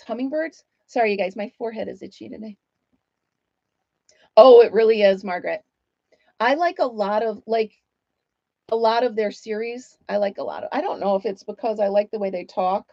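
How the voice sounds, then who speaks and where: A woman's voice: fairly high pitch, moderate pace, long pauses, dark tone, no room sound, lo-fi sound. A woman hosting a casual livestream from home, chatting with viewers while she crochets and laughing often. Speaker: livestream host.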